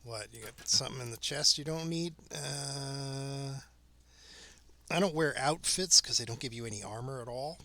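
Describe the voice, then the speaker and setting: A man streaming a fantasy online game, giving relaxed, casual commentary with dry asides and chuckles. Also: mid-range voice, moderate pace, no room sound.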